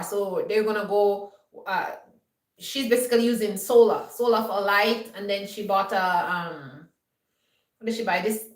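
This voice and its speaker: A homestead vlogger, a woman with a medium-pitched voice, delivers an emphatic, scolding lecture, often checking that viewers understand. The rough recording has a distant mic in an echoey room.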